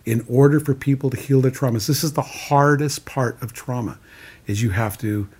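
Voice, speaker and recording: A man's voice: mid-range voice, moderate pace, darkish tone, slightly rough. A man co-hosting a podcast, earnestly retelling film scenes in a casual discussion. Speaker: podcast co-host.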